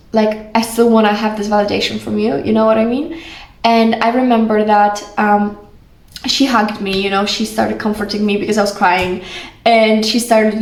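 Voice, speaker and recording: A young woman, a vlogger talking casually and warmly to camera, full of "like" and pet names. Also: medium pitch. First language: Polish. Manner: chatty, full of "like", affectionate. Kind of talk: casual heartfelt talk to camera. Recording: roomy echo.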